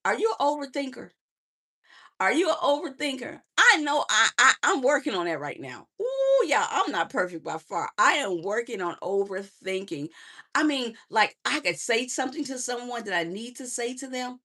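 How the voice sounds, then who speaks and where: A woman's voice: a little high, very animated, normal speed. Middle aged woman coaching her live viewers, preachy and chatty, calls everyone baby, laughs a lot. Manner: preachy, warm endearments to viewers. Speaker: transformational coach. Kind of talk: live-stream motivational talk.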